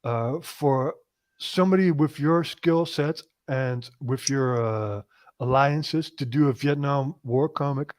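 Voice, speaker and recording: A man's voice: medium pitch, slow pace, darkish tone. A man hosting a casual, profane chat, often cutting in with enthusiasm. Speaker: podcast host.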